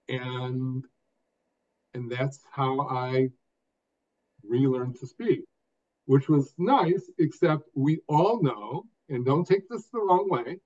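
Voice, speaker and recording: An older man, a guest telling his story in an expressive, emphatic way, phrase by phrase. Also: mid-range voice, slow. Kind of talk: conversational storytelling. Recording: dull lo-fi sound.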